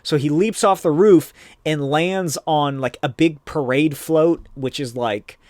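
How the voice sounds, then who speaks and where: A man hosts a podcast and casually recaps a comic book, rambling along with plenty of filler words. His voice sits a little high for a man. The sound is close and dry, with no room echo. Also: a little slow, darkish tone. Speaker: podcast host.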